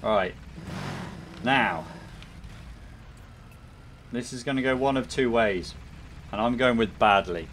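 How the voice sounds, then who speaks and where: A man's voice: mid-range voice, takes it slowly, pauses often, a bit bright, a little hiss or hum. A man hosting a gaming channel, giving rambling, chatty let's play commentary full of fillers as he thinks aloud.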